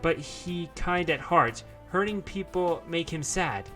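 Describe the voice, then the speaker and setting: Man voicing a soft-hearted wild girl, broken simple speech, higher pitch, bright tone. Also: takes it slowly, soft background music. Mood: gentle. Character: gentle wild young woman in broken speech.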